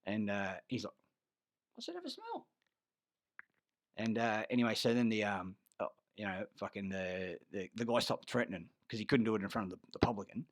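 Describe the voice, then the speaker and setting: A man's voice: lowish voice, fairly even intonation, fairly quick, hardly any pauses, dry recording. An Australian army veteran telling rambling, profane stories, often losing his thread and growing heated. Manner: grows loud and heated retelling a fight. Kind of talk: rambling personal storytelling.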